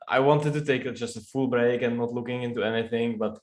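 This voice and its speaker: A man with a Russian accent, a guest trader in a casual chat, talking in halting phrases with many restarts and fillers. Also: mid-range voice, steady tone, rough recording. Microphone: headset or headphone mic on a call.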